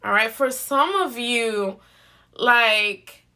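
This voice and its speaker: A woman's voice: fairly high pitch, drawn-out words, pushed and bright. A woman giving a live zodiac card reading, coaxing her viewers over and over with affection and frequent laughs. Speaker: tarot card reader.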